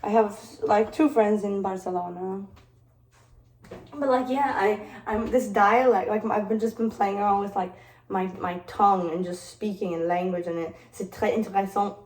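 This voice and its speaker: A woman's voice: medium pitch, fairly even intonation, moderate pace, a little mellow, reverberant, distant mic, poor audio. A woman from Detroit chatting casually in a vlog, playful and laughing often, with a mixed accent that partly sounds British. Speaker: vlogger. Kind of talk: casual chat while working.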